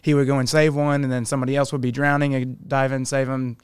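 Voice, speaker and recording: A man's voice: medium pitch, little pitch movement, fast, clear, resonant tone, no room sound, studio quality. A man co-hosting a church podcast, telling stories in a chatty way and laughing easily. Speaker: podcast co-host. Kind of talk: casual chat.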